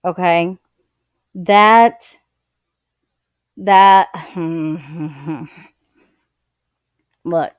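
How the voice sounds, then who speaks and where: Slow, hesitant woman commentator. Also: lowish voice, clean tone, dry recording, muffled recording. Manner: hesitant, searching for words, slow. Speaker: commentary streamer. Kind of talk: casual commentary.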